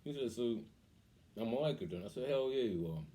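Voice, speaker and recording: A middle-aged man and father telling family stories in a casual, animated way, acting out the voices he quotes and laughing often. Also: medium pitch, fast. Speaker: vlogger, father. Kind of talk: casual storytelling.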